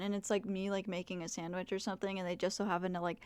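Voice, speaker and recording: A young woman streaming live, chatting casually to her viewers in a rambling, self-deprecating way, filling her talk with "like" and quick asides to chat. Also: mid-range voice, little pitch movement, clean tone, no echo.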